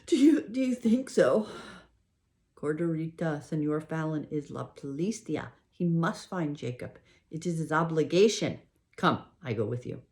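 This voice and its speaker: A warm-hearted, fatherly cafe owner in middle age, read by a woman. He talks gently and earnestly, in a fairly low voice for her. The audiobook reading stays calm and steady. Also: measured pace. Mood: reassuring. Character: kindly middle-aged Mexican cafe owner man.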